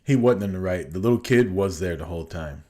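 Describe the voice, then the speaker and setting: A man's voice: low-pitched, animated, fairly quick, crowd noise. Profane storytelling man. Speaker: podcast co-host. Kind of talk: casual podcast chat.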